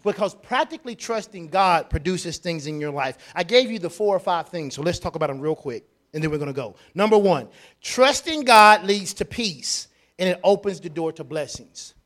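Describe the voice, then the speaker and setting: A high-voiced man preaches a sermon. He repeats his phrases and swings between hushed asides and loud, emphatic declarations. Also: animated, a little fast, hardly any pauses. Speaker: pastor.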